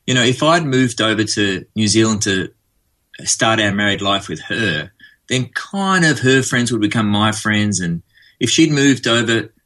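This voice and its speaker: Bright-voiced Australian man. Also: lowish voice, expressive, unhurried. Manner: chatty, storytelling, frequent fillers. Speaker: guest. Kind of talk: relaxed conversational interview.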